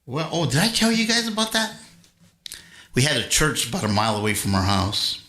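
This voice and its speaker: A guitarist hosting a livestream talks between songs in a brisk, expressive, mid-range voice with a sharp tone. He rambles and tells corny jokes to his viewers amid a roomy echo and faint guitar.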